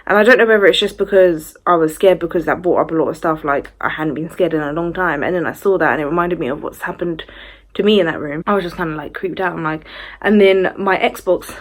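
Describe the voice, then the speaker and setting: A woman's voice: fairly low pitch, fast talker. Chatty young woman vlogging a story, rambly and casual. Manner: chatty retelling with many fillers.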